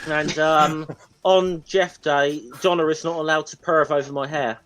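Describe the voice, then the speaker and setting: A man chats on a casual panel show. He rambles, hesitating and restarting his thoughts. His voice sits a little high. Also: steady tone, fairly bright tone, poor audio. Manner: rambling, halting, lots of ums and restarts. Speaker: regular panelist. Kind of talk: casual group chat.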